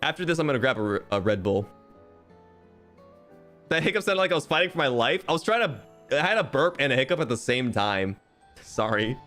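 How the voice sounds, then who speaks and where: A young man casually chatting on a game livestream, animated, swearing freely and joking at himself. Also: medium pitch, a little fast, pauses often, faint music behind. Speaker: game streamer. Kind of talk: casual livestream chat while reading game text aloud.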